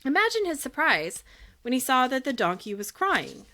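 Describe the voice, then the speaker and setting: A woman's voice: high-pitched, big pitch swings, moderate pace, sharp tone. A woman narrating a classic children's story as an audiobook, reading expressively.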